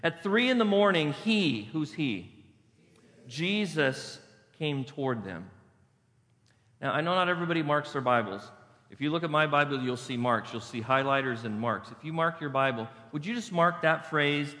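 Male pastor, sermon, emphatic and repetitive, bright tone, long hall reverb. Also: fairly high pitch, expressive, normal speed.

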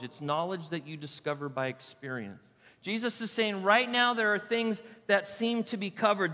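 A man preaching from the pulpit with a high, sharp voice, hammering key points and then easing into quiet asides. His handheld mic carries into a church hall with a long, ringing reverb. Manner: emphatic preaching, drops to soft asides. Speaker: pastor. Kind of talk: sermon. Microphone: handheld microphone.

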